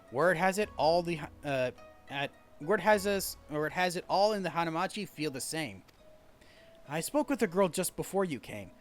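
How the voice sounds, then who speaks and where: A man reading the lines of a refined, courteous patron of a geiko district in a video game, with old-fashioned phrasing. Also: sits high.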